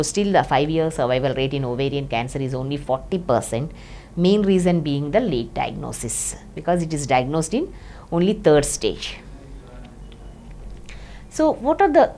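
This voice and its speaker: Low-voiced doctor, hesitant delivery. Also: female voice, darkish tone, a little hiss or hum. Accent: Indian English. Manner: hesitant, restarts with many fillers. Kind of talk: explaining a medical topic to camera.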